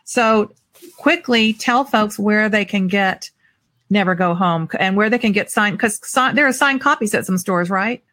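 A woman's voice: mid-range voice, a little slow, fairly bright tone, no echo. A woman hosting a live talk show, upbeat and keeping things moving. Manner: upbeat, moves things along. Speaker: host.

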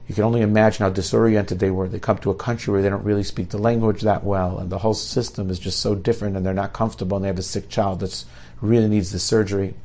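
A middle-aged man telling a story in an animated, lively way. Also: lowish voice, fast, few pauses. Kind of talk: oral storytelling.

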